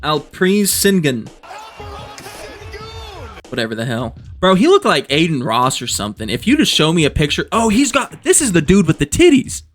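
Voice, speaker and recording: A man's voice: a little high, big pitch swings, moderate pace, faint music behind. Rambling, profane male comedy vlogger. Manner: rambling, profane, self-amused. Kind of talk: joking casual commentary.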